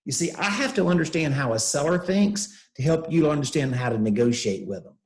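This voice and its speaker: A man's voice: a little high, fairly quick, roomy sound, poor audio. An older man teaching real estate investing, telling a story and acting out the dialogue. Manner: animated storyteller, acts out dialogue.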